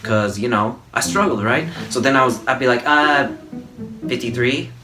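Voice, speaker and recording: Casting: young male vlogger, animated comic storyteller, mid-pitched, guitar music underneath. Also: a little fast.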